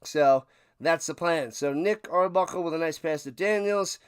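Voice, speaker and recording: A chatty livestream host calls a football game for his watch party, doing casual play-by-play, joking along and jumping up in excitement on big plays. His high voice sounds smooth and clear at normal speed. The sound is dry and close to the mic, with no echo or room sound.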